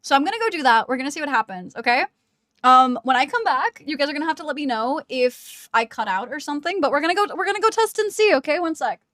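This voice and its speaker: High-voiced girl streamer, giggly, cooing baby talk to her cat, dry close wireless mic. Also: animated, fast, fairly bright tone, no room sound. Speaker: live streamer. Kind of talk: casual stream chat. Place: at home.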